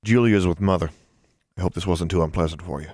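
A man's voice: deep voice, quick pace, a little mellow, dry recording, clean studio sound. A man voicing a weary, wry older brother.

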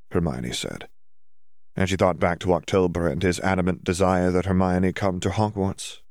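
Low-voiced man narrating an audiobook. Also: moderate pace, a little mellow, no room sound, clean studio sound.

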